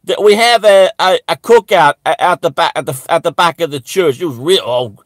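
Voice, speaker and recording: A man's voice: a little high, normal speed, no room sound, natural voice. A man playing a rambling, bigoted churchgoing man in a satirical monologue, stammering and restarting almost every phrase. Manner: stammering, with constant restarts and repeated words.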